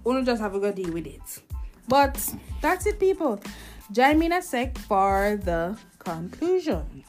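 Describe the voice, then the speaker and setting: Slow, chatty woman host. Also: fairly high pitch, sing-song, soft background music. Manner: chatty and opinionated, frequent restarts. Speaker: podcast host reviewing shows. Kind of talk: casual chat.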